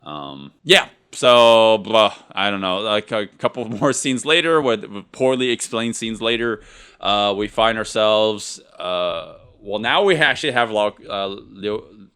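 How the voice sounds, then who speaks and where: A man with a crisp, resonant voice and a strong, bright edge chats about a movie on a podcast. He rambles through his points with plenty of sarcasm and quick laughs. His pitch sits slightly low. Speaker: podcast co-host. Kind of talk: casual film discussion. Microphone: podcast mic.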